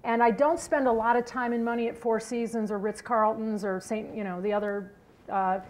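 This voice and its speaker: A middle-aged woman giving a keynote talk, telling a story in an animated way and asking the audience questions. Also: fairly high pitch, moderate pace. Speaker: keynote speaker.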